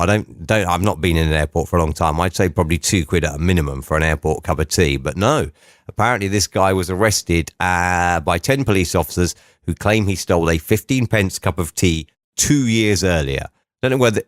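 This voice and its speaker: A man's voice: low voice, no echo, studio quality. A man hosting a drivetime radio show, chatting casually in a rambling, musing way with conversational asides. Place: radio studio. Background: music playing.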